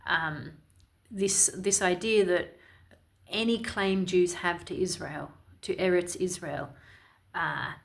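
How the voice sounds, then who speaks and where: A woman's voice: lowish voice, slow, vocal fry. A woman from Ireland giving opinionated, sarcastic and indignant commentary in a vlog. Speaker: commentary vlogger.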